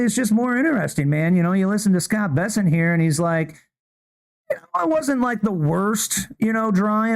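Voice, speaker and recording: A man's voice: high-pitched, gravelly. A young man co-hosting a podcast in casual chat, rambling with stammers and restarts, tossing in "bro" and "man". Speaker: podcast co-host.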